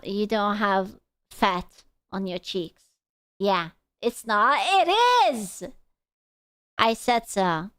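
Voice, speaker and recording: Brief: streamer woman, crisp and dry, crude teasing banter. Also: mid-range voice, fairly bright tone, no room sound. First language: Hungarian. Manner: crude, teasing, swears freely. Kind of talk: casual stream chat.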